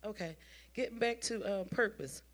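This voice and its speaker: Animated woman preaching a testimony. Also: mid-range voice, moderate pace. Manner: animated storyteller, repeats phrases, stumbles and restarts; addresses the congregation directly. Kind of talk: informal sermon with testimony.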